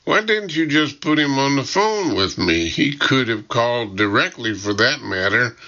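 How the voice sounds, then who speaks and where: A man's voice: mid-range voice, very animated, moderate pace, sharp tone, muffled recording, voice pushed up. A man voicing a weary, impatient woman medical examiner who talks in a terse, exasperated way. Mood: irritated.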